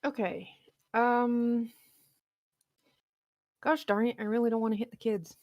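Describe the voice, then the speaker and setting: Woman player, slow, somewhat high, dry close sound, chatty. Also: fairly even intonation, darkish tone, dry recording.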